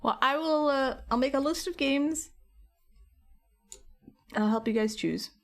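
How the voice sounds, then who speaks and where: A woman's voice: high-pitched, a little slow, soft background music. A young woman chatting casually with her viewers while painting, giggly and talking to them by name. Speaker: streamer.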